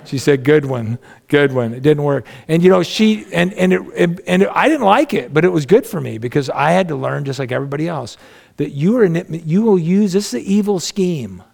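A male pastor preaches in a relaxed, folksy, conversational manner and drops in humorous asides. His voice is fairly high for a man and carries a strong gravelly rasp. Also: brisk. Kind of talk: sermon.

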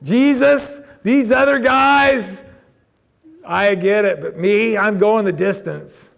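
Man acting out a loud, eager, boastful disciple, gravelly and high. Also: slow pace, exaggerated voice. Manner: loud, emphatic, rising pitch.

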